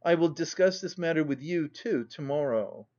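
A grave, dignified older aunt speaks with cold, measured reproof, voiced by a man reading aloud. The voice sits a little high and comes through a dull, lo-fi home recording. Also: lively intonation, a little mellow, close to an everyday voice.

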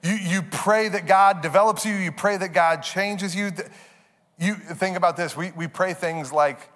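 A man's voice: high voice, measured pace, fairly bright tone. Man preaching a conversational sermon. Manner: conversational preaching with repetitions and acted asides. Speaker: pastor.

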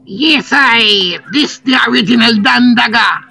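A man's voice: very high voice, unhurried, pushed and bright, faint music behind, full character voice. A man voicing a boastful Rasta stoner man calling in to a comedy podcast, with a put-on Jamaican accent, brash and rambling. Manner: brash, rambling, laughing through insults. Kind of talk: comedy call-in bit.

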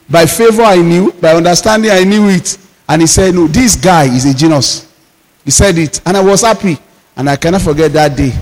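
A male pastor delivering a sermon, drawing out emphatic declarations slowly. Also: a little high. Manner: preaching with emphatic slowed declarations. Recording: long reverb of a hall.

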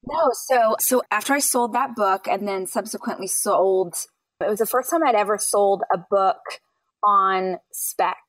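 A woman's voice: mid-range voice, measured pace, no echo, distant mic, low-quality recording. A woman in her thirties, a guest author, telling her story in a casual interview and acting out the people she quotes. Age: 30s. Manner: animated, acts out quoted people in shifting voices.

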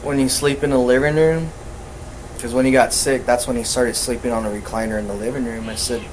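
A man's voice: medium pitch, fairly even intonation, a little fast, a little hiss or hum, rough recording. A man co-hosting a podcast, chatting casually and telling stories, swearing often and laughing as he talks. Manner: laid-back, swears a lot, laughs through his stories. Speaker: podcast co-host. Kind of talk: casual chat.

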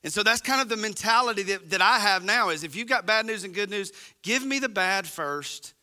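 A man's voice: sits high, expressive, brisk, pushed and bright. A man preaching a sermon as pastor, talking conversationally and straight to his congregation.

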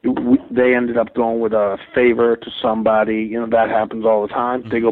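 A man on a phone call to a show, swearing freely as he tells his stories and acting out what everyone said in lively voices. His voice is mid-pitched and comes through thin and tinny over the line. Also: brisk, hardly any pauses. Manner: animated and profane, acts out quoted dialogue. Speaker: comedian calling in as a guest. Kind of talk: casual anecdote telling.

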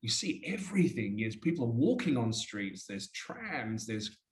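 A man's voice: medium pitch, very animated, measured pace. An Australian man telling stories as an interview guest in a rambling, chatty way. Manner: rambling, chatty, often says "mate". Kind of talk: casual storytelling chat.

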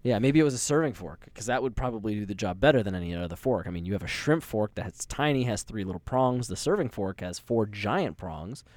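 Young guy on a podcast, lowish voice, rambling story, swears a lot, dry close sound. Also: expressive, brisk, hardly any pauses, a little mellow, no room sound. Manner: rambling, swears casually, laughs easily. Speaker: podcast co-host. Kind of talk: casual chat, storytelling.

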